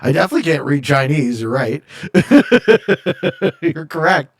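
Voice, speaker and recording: A man's voice: fairly high pitch, fast, fairly bright tone. A man streaming a game, casually reading viewer chat aloud and joking as he answers, from Canada. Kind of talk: casual live-stream chat while gaming.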